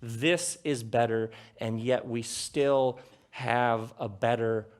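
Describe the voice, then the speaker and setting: A middle-aged man giving a live talk on a theater stage, conversational and jokey, with rhetorical questions and dramatic pauses. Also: mid-range voice. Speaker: speaker addressing a live audience.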